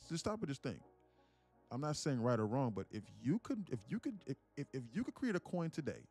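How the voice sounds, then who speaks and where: A man talking to his live-stream audience in a rambling, excitable way, repeating himself and swearing. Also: mid-range voice. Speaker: day trading streamer. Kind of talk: casual live-stream commentary.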